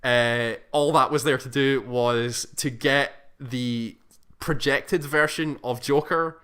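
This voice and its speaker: Man, bright voice, middle pitch, casual rambling chat, self-correcting. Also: fairly even intonation, slow, clear, resonant tone. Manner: rambling, self-correcting, acts out quoted lines. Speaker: podcast co-host. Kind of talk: casual chat, recapping a game plot.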